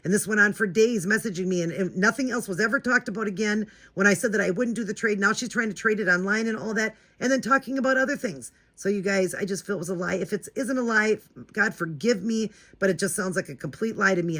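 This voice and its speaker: A woman's voice: medium pitch, a bit bright. A woman hosting her own vlog, telling a story in a chatty, indignant way and talking straight to her viewers. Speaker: doll-collecting channel host.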